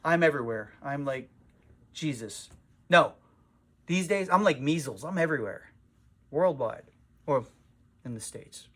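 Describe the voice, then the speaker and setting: A comic shop owner talks straight to camera from his store in a casual vlog, his voice swinging up and down in pitch. He is loose and profane, and he pokes fun at himself as he goes. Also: measured pace, pauses often. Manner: animated, profane, self-mocking.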